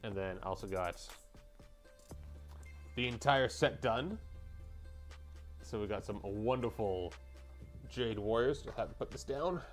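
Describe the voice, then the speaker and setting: A man's voice: on the low side, slow, long pauses, faint music behind. A young man livestreaming as he paints miniatures, rambling and joking with his chat.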